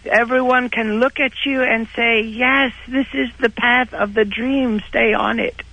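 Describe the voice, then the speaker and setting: A man's voice: extremely high pitch, steady tone, creaky, bright, forceful tone, dull audio, voice pushed up, full character voice. A man voicing a dazed, over-medicated woman talent-show judge who rambles and loses her thread. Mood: loopy. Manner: rambling, halting, loopy. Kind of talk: comedy impression on radio.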